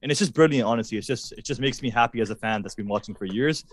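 A man from Canada, a guest on a podcast, chatting casually and excitedly about wrestling, laughing often. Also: medium pitch, very fast. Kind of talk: casual chat.

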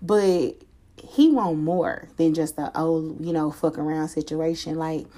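A woman's voice: sits low, measured pace, warm tone. A woman telling a personal story to her viewers in a casual storytime chat, candid and slangy, swearing freely.

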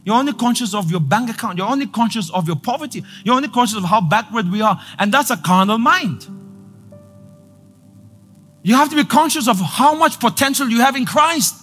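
A male pastor preaching a sermon, repeating lines for emphasis and building to loud declarations. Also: very high voice, expressive, brisk, soft background music.

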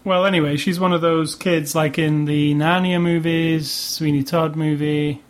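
A man's voice: fairly high pitch, level tone, measured pace. Dry-humored British man reviewing films. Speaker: film review podcast co-host. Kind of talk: casual chat.

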